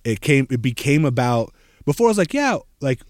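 Lively American man telling a story. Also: medium pitch, fairly quick, no echo, clean studio sound. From United States. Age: 30s. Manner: animated storyteller, acts out quoted voices, many "like" fillers. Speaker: podcast host. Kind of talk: casual podcast chat, storytelling.

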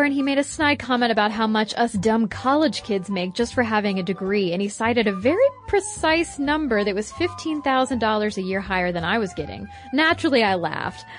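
A woman co-hosting a podcast, reading listener mail in a fairly high voice with animated swings of emphasis. Soft music sits faintly underneath. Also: brisk, hardly any pauses. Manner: expressive reading with animated pitch jumps. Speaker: podcast co-host.

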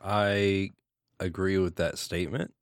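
A man's voice: deep voice, fairly even intonation, measured pace, no room sound, clean studio sound. A man co-hosting a podcast in casual chat, hesitant and trailing off as he talks. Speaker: podcast co-host.

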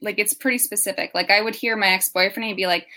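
A woman's voice: mid-range voice, steady tone, fast, sharp tone. Canadian accent, young adult woman, meandering guest, stops and starts often. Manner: rambling, hesitant with many ums. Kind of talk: casual chat.

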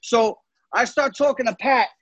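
A man's voice: very high-pitched, moderate pace, muffled recording, noisy background. A man co-hosting a casual podcast chat, telling stories with animation, cutting in and swearing. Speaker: podcast co-host.

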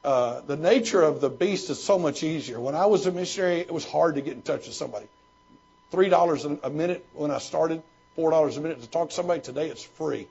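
Pastor type, male, slightly high gravelly voice, husky, homespun rambling delivery, dull recording. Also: fast, a little mellow. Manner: folksy storytelling with frequent restarts. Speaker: pastor and former missionary. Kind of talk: question-and-answer talk.

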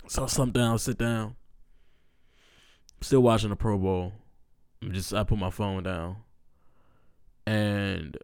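Rambling young man, low smooth voice. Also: no room sound, clean studio sound. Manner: rambling, filler-heavy, slangy with "bro" and "like"; earnest, emotional recounting with restarts. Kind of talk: casual personal storytelling.

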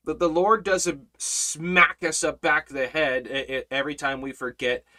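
A man teaching a Bible study in a preaching style, emphatic, repeating words and swinging between loud and soft. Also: fairly high pitch, steady tone, a little slow.

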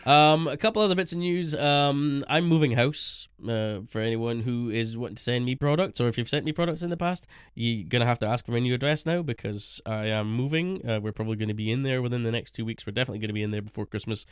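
Casting note: man, podcast co-host, smooth clear voice, dry close sound, chatty and laughing. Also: mid-range voice, fast talker, few pauses, dry recording. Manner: chatty, laughs often, rambling with fillers. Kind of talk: casual chat.

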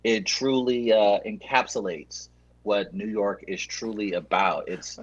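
Deadpan male show regular with a low husky voice, muffled lo-fi sound. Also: a little slow. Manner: deadpan, mock-earnest. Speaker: show regular reporting from a trip. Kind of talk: deadpan comic chat.

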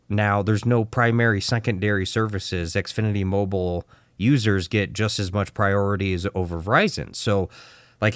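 A man tells a story on a casual podcast with a low-pitched voice. He tells it in an animated way, acts out each side of the dialogue and swears freely. The sound is dry and close. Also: smooth, dry recording. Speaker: podcast co-host.

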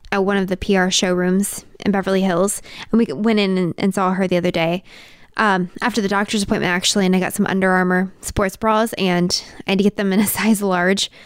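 A pregnant woman in her thirties co-hosting a relaxed home podcast. She talks candidly at a middling pitch and laughs through her stories. The recording is close and dry. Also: smooth, dry recording. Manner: chatty and candid, laughs while telling stories. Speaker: podcast co-host. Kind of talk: casual chat.

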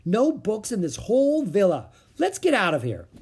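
A man voicing a bold, impatient young girl in a storybook reading, speaking high and eager. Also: sing-song, slow pace, creaky, darkish tone, breathy edge, full character voice. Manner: eager, urgent, high-pitched.

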